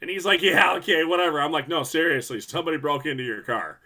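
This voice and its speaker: Bright-toned man telling referee stories. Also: a little high, quick pace. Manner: animated storyteller, acts out quotes. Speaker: hockey referee and podcast co-host. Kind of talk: casual chat.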